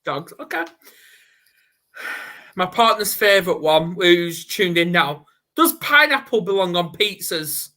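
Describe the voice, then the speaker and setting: A man's voice: sits high, lively intonation, unhurried, sharp tone. A man with a Northern English accent hosting a live online interview in a chatty, upbeat, casual way over a video call. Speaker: host. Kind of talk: live online interview, quick-fire questions.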